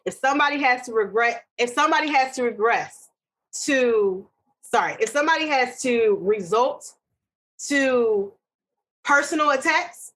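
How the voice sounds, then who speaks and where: A woman's voice: fairly high pitch, lively intonation, fairly bright tone, poor audio. A woman co-hosting a podcast in casual chat, ranting with strong opinions. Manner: opinionated, ranting, quick asides. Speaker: podcast co-host.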